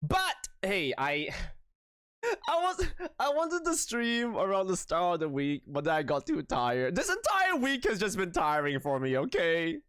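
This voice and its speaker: A man's voice: sits high, wildly swooping pitch, a little slow, fairly bright tone, clean tone, no room sound, studio quality. A tired young man streaming live, chatting with his viewers in a rambling, self-mocking way, swearing freely and giggling. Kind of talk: casual chat with viewers.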